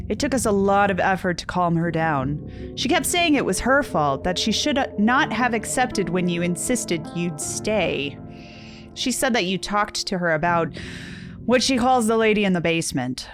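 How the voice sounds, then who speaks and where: A woman reading the part of a disapproving parent in a horror text game, lower and measured. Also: lightly acted. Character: stern disapproving parent back home.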